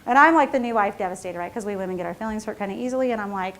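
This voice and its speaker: A woman's voice: medium pitch, rapid-fire, fairly bright tone, a little hiss or hum. A middle-aged woman, an entrepreneur, telling a chatty, self-mocking story at a seminar, laughing often and tossing in "right?". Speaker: entrepreneur and CEO giving a seminar talk. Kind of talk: storytelling keynote talk.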